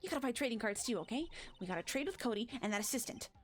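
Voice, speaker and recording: A woman voicing an eager, excitable young female sidekick in a game, raising her pitch and chirping her lines. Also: very fast, soft background music, natural voice. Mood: excited.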